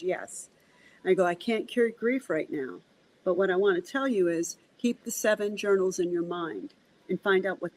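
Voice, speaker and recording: A medium appears as a podcast guest, telling stories conversationally in a mid-range voice captured with poor audio. She's animated, acting out dialogue as quotes, and often repeats words as she begins a sentence.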